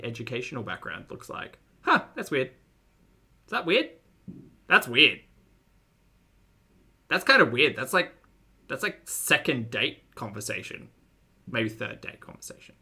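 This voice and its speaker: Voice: mid-range voice, sharp tone, slightly rough. A reaction channel host giving sardonic, exasperated commentary on a clip.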